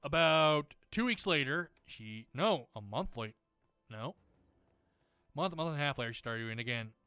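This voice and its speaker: Gaming host, male, bright and clear voice, sweary ranting style, dry close sound. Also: fairly high pitch, expressive, moderate pace, no room sound. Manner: rambling, many restarts and fillers. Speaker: gaming video creator. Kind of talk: casual chat over gameplay.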